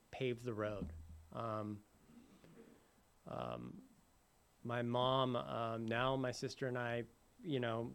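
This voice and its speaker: A man telling his sobriety story in a halting way, full of fillers and restarts. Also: mid-range voice, a bit bright, clear, resonant tone. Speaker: recovery speaker sharing his story. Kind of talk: personal recovery talk.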